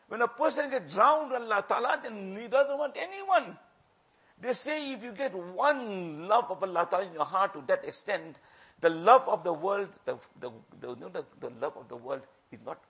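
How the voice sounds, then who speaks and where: Husky, impassioned male preacher. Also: high voice. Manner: impassioned, repeats phrases for emphasis, swings from loud to hushed. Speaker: religious preacher. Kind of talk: sermon.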